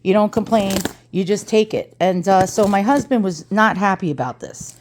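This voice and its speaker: A woman's voice: medium pitch, normal speed, a little hiss or hum. A woman with an East Coast American accent, talking in a chatty and dramatic way in a casual unboxing vlog, swearing freely. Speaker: antiques reseller vlogger.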